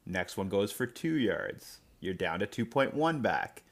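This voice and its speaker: A man's voice: lowish voice, very animated, unhurried, gravelly. A man co-hosting a podcast in casual chat, building suspense step by step as he recounts events. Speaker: podcast co-host.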